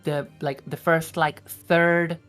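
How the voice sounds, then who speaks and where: A woman's voice: deep voice, flat delivery, slow, fairly bright tone, smooth, faint music behind. Hesitant woman streamer, non-native English. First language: not English. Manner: hesitant, many fillers, reads chat aloud. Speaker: streamer host. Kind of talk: casual chat.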